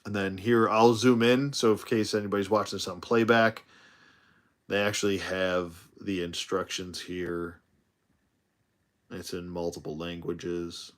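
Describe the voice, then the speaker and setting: A man's voice: low-pitched, little pitch movement, unhurried. A tired man chatting casually while he unboxes a toy live, rambling with self-deprecating asides. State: tired, yawning.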